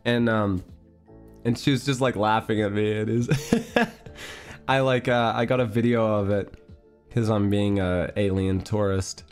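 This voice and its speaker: A man's voice: on the low side, fairly even intonation, measured pace, long pauses, clean tone, faint music behind. A man streamer telling a story in a casual chat stream. He rambles, fills his talk with fillers, and giggles often.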